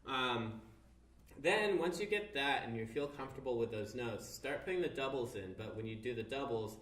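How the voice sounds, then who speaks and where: A man's voice: mid-range voice, animated, normal speed, fairly bright tone. Man teaching cello, counting beats aloud. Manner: counts beats aloud, patient step-by-step instruction. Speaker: music teacher. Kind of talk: instrument tutorial. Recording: roomy, distant mic with cello playing.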